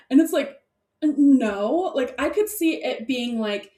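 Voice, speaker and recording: A fairly high-voiced woman co-hosting a podcast, rambling excitedly and laughing often. Her voice sits back from the mic, and the room adds a clear echo. She talks in loose, filler-heavy casual chat. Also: moderate pace. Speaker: podcast co-host. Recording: echoey room, distant mic.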